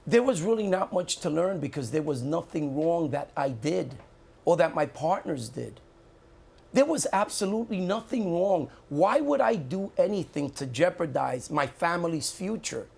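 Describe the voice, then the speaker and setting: Indignant man with a gravelly voice. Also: fairly high pitch, big pitch swings, moderate pace, darkish tone. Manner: emphatic, indignant, repeats points. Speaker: mayoral candidate. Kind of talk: live TV debate. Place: TV studio.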